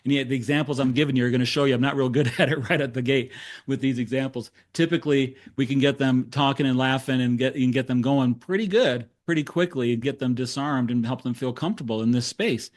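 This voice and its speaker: This fast-talking man has a mid-range voice. A middle-aged therapist, he shares a case story during a talk, animatedly acting out what each person said and laughing at himself along the way.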